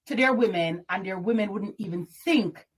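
A woman with a Jamaican accent gives relationship advice in a firm, lecturing way. Her voice has a husky, breathy texture. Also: medium pitch, moderate pace. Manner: direct, lecturing. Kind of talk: giving relationship advice in a clip.

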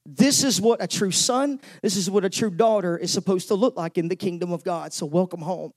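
A man's voice: sits high, fairly quick. A man preaching a sermon as pastor, openly emotional, often stumbling over and repeating words as he presses his point.

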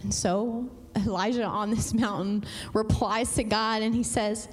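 Female pastor, mid-pitched, emphatic church sermon with long hall reverb. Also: fairly even intonation. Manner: conversational, emphatic, swings between fast and slow. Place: church sanctuary.

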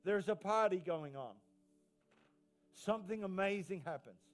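A pastor with a New Zealand accent delivers a sermon in a fairly high voice. He is emphatic and openly emotional, circling back on key phrases to drive them home. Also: unhurried, faint music behind.

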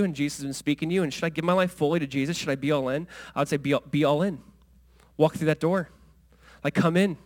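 A man preaching a sermon as pastor, in a conversational way full of asides and questions to the congregation, swinging between quiet low asides and loud high exclamations.

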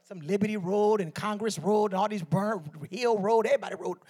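Her voice medium in pitch, dark, and slightly rough, a Detroit woman preaches briskly as a guest speaker. She leans on call-and-response with the congregation and adds stories along the way.

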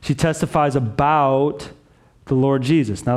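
A man's voice: fairly high pitch, steady tone, moderate pace. A man preaching a sermon as pastor, earnest and conversational, with frequent "like" and "right?" asides.

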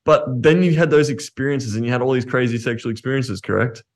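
A man's voice: mid-range voice, fast. A man hosting a podcast interview, enthusiastic and casual, often cutting in to react. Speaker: podcast host and coach.

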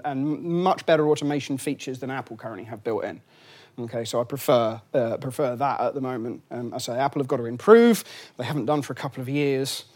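A man's voice: mid-range voice, darkish tone. A middle-aged man giving a lunchtime lecture in a room, chatty and wry, with many fillers and restarts.

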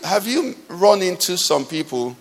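A man's voice: high-pitched, very animated, a little slow. A man preaching a sermon, asking the congregation rhetorical questions with emphasis. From Nigeria. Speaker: pastor. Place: church hall. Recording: long hall reverb.

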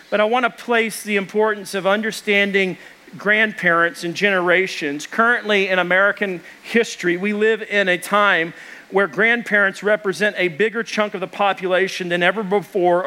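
A man with a high, bright voice preaching a sermon. He tells a personal story from the pulpit and acts out the lines of the people in it. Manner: storytelling with animated retelling of dialogue. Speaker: pastor.

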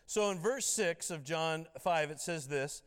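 A man's voice: a little high, measured pace, a bit bright, clear, resonant tone. A man preaching a sermon as pastor, talking conversationally and tossing out rhetorical questions. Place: church sanctuary. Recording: reverberant church hall.

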